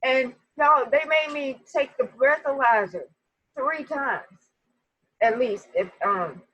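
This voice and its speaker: A woman with a husky, slightly high voice tells her own story in a lively, casual way. She speaks straight to her viewers as she goes. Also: takes it slowly, no room sound, rough recording. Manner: animated, talks straight to viewers. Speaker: vlogger telling a personal story.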